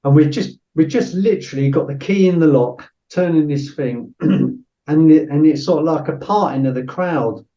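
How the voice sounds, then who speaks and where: A man's voice: on the high side, moderate pace, warm tone. A middle-aged man, a former soldier telling a story as a podcast guest, blunt and swearing freely, full of "you know" fillers. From Britain. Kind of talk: casual storytelling interview. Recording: roomy, distant, dull-sounding mic.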